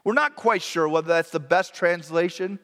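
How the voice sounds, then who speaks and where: A man's voice: high-pitched, moderate pace, a bit bright, big-room sound. A man preaching a sermon in an earnest, reflective way, sometimes correcting himself mid-sentence.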